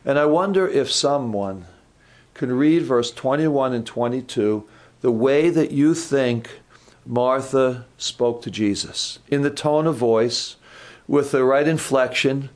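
A man's voice: mid-range voice, slow, a little mellow. A man preaching an informal, conversational sermon, asking the congregation questions, repeating words and correcting himself.

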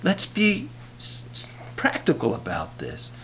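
Preacher doing a stubborn elderly husband, exasperated, lively pitch. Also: male voice, a little slow, a little hiss or hum, heavily acted. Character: elderly forgetful husband, stubborn and sure of himself.

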